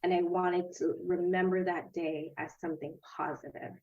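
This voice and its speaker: A woman in her thirties, guesting on a podcast, tells a personal story casually and animatedly, acting out quoted voices and laughing often. Her voice is lowish at a moderate pace, and the recording's highs are cut off.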